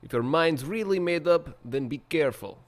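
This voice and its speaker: A man's voice: on the high side, animated, normal speed, pitched above the performer's own voice, close to an everyday voice. Male gamer putting on a hammy mock-Russian voice, tender and exaggerated. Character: gentle man with a mock Russian accent.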